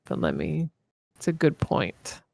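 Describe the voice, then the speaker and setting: A woman's voice: sits low, big pitch swings, measured pace, gravelly, darkish tone, no room sound. Rambling woman game master, dry sound. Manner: rambling, laughing, full of fillers. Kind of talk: narrating a tabletop game.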